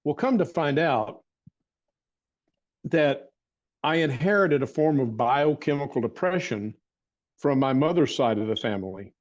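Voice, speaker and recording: An older man telling a personal story as an interview guest, with rambling restarts and frequent throat clearing. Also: mid-range voice, lively intonation, unhurried, pauses often, muffled recording. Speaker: interview guest, martial arts teacher.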